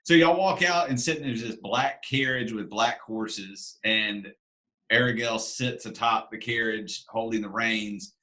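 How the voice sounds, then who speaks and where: Bright-voiced casual game master. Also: male voice, fairly low pitch, measured pace. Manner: casual, filler-heavy storytelling. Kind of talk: narrating a tabletop game.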